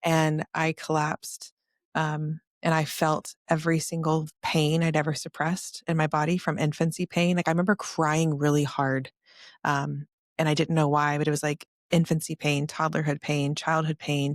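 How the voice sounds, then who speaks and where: A woman's voice: sits low, flat delivery, moderate pace, no room sound, studio quality. A woman, a podcast guest, telling a personal story in an earnest, tumbling, emotional way. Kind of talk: personal storytelling in a casual interview.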